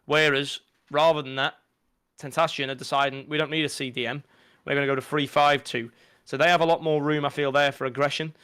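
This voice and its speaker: A young man with a Liverpool accent, co-commentating an esports football final, talking in excited, rambling runs and restarting his sentences. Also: fairly high pitch, a little fast, smooth, dry recording. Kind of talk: esports pre-match analysis.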